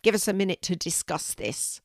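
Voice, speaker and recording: A woman's voice: on the low side, expressive, fairly quick, dry recording, clean studio sound. An older woman voicing a sneering big one-eyed male stray cat who leads a gang, in a storybook reading. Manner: sneering, gruff.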